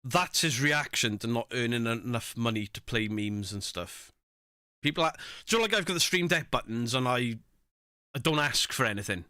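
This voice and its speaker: A man's voice: mid-range voice, animated, moderate pace, sharp tone, clear, resonant tone, dry recording, clean studio sound. A man giving casual, sweary reaction commentary on stream clips, laughing and mocking himself.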